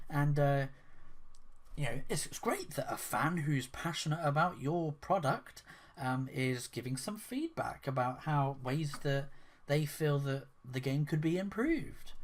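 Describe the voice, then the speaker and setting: A man giving casual spoken commentary on a gaming controversy, rambling and incredulous, with lots of fillers and restarts. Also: a little high.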